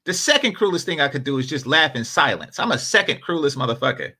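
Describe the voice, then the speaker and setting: Animated, bright-voiced man riffing profanely. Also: mid-range voice, fast talker, husky. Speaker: panel commentator. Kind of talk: casual commentary.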